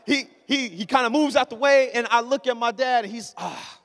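A man's voice: very high voice, steady tone, brisk, a bit bright. A young man preaching a casual, joking sermon, telling stories and acting out his father's voice. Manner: conversational, joking, acts out his father's lines. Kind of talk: humorous sermon storytelling. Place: church sanctuary. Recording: long reverb of a hall.

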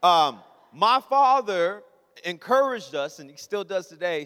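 High-voiced young preacher, hall echo. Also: male voice, very animated, a little slow, sharp tone, smooth. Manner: conversational, joking, acts out his father's lines. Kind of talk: humorous sermon storytelling. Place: church sanctuary. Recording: long reverb of a hall.

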